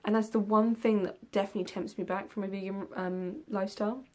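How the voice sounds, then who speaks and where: A woman's voice: mid-range voice, fairly even intonation, fast talker, warm tone. A young woman answers tag questions in a casual vlog. She rambles loosely, filling gaps with ums and the occasional yawn. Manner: rambling, with many ums and yawns. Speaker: book vlogger. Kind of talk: casual tag video chat.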